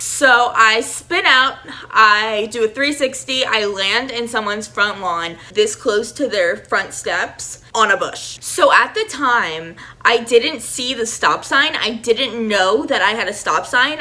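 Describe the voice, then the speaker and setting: A young woman tells her story straight to camera in a chatty, animated way, leaning on "like" as she goes. Her voice sits a little high and sounds bright and clear. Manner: animated, chatty, lots of "like" fillers. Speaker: vlogger. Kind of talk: storytime vlog.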